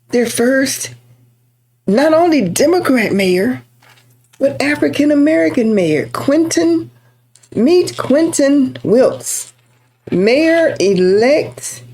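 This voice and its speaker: Texan woman, political commentator to camera, higher voice, chatty and emphatic. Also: a little mellow. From Texas. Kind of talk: casual political talk to camera.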